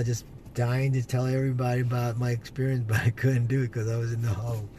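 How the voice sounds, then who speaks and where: Earnest halting man telling a story. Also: mid-range voice, dark tone, slight background noise. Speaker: vlogger sharing a personal testimony. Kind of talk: emotional personal storytelling.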